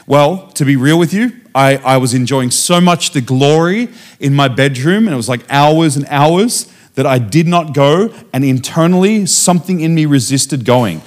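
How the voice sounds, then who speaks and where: A man preaching as a guest speaker, telling a personal testimony in a lively storytelling way and acting out the dialogue. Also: on the high side, moderate pace, few pauses. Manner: animated storytelling, acting out dialogue with frequent restarts.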